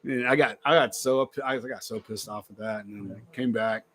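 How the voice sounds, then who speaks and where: A man's voice: fairly low pitch, fairly even intonation, brisk, a bit bright. A middle-aged man telling a story in casual chat, acting out quoted voices and laughing often.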